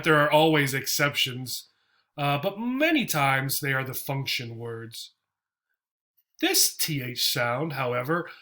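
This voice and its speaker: Slow, bright-voiced man teaching pronunciation. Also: a little high. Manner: explains slowly, modeling sounds and checking with "right?". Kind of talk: classroom pronunciation lesson.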